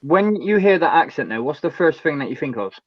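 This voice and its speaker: A man hosts a laid-back chat, agreeing often and nudging the conversation along with friendly questions. His voice sits a touch high for a man, recorded dry with a slightly dull, muffled top end. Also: very animated, brisk, no echo. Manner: chummy, agreeable, asks questions. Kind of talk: casual chat.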